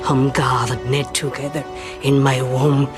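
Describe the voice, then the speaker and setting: A woman's voice: a bass voice, flat delivery, takes it slowly. An actress playing a defiant mother who confronts a demon, speaking intensely in a TV drama clip. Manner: intense, whispered then rising to a shout. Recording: clip with loud music. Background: loud dramatic score.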